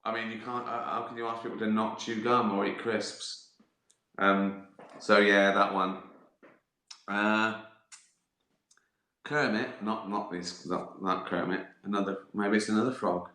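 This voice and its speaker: Speaking a bit slowly with frequent pauses, this middle-aged livestream host has a lowish, bright, forceful voice with little pitch movement, in a roomy-sounding space. He chats casually with viewers' questions, wandering off track, cursing and cracking up at his own tales.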